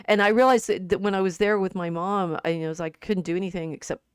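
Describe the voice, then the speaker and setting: A middle-aged woman chats on a livestream in a low-pitched voice, her sentences breaking off and restarting as grief pushes her close to tears. The sound is dry and close. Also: fairly even intonation, clear, resonant tone, dry recording. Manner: halting, many restarts, tearful. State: grieving, near tears. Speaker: co-host. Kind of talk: casual livestream chat.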